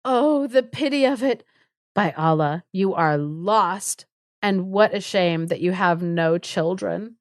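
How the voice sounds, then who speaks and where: A woman's voice: fairly low pitch, steady tone, takes it slowly, dry recording, studio quality. A woman voicing a scheming wife who raises a false alarm in a retold folktale, in a dramatic, pleading manner. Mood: warning.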